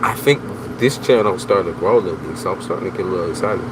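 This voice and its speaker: A man's voice: low-pitched, very fast. Slangy man reading tarot on a stream. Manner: slangy, loose and teasing, talks straight to viewers. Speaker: tarot reader, livestream host. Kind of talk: casual livestream chat. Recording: steady background noise.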